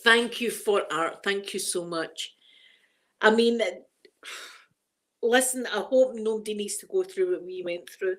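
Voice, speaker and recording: A middle-aged Scottish woman chatting casually on a live stream, emotional and quick to laugh, greeting viewers by name. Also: mid-range voice, fairly bright tone. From Scotland.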